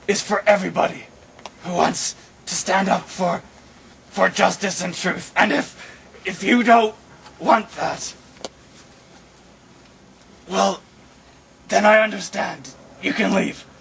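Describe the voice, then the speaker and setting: A man giving a slow, earnest pep talk in an improvised comedy sketch. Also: high-pitched, steady tone, creaky, a bit bright, slight background noise. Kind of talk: improvised comedy web series.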